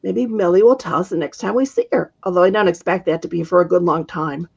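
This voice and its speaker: A woman reading aloud, voicing a younger witch who is loud, chatty and gushing. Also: fairly low pitch, quick pace, creaky, breathy edge, highs cut off.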